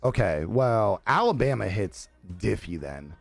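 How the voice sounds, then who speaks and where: A young man chats with his stream, casual and full of swearing, his pitch jumping up and down as he reacts. The mic is close and dry. Faint music plays underneath. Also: very animated, unhurried, creaky, dry recording. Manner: laid-back, profane, laughs often. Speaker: live streamer. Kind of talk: casual chat reading viewer comments.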